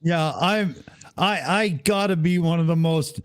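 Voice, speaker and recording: A man's voice: a little high, measured pace, smooth, no echo. A man in his fifties from Canada, a co-host talking in an easygoing, amused casual chat.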